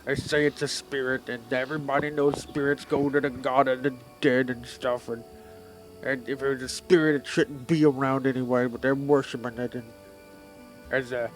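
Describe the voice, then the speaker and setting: A man doing a tipsy, boastful hill giant who rambles on in slurred, grumbling talk and never quite finishes a thought, at an everyday pitch, while soft music plays behind the table. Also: little pitch movement, moderate pace, lightly acted. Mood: rambling.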